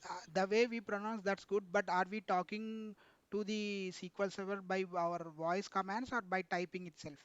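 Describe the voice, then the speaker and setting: A man leads an online technical class, pausing often to ask the students questions and calling them sir. His voice sits high and comes across smooth and resonant. The sound is dry and muffled. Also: little pitch movement, dry recording. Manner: repeatedly quizzes students, addresses them as sir. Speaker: instructor.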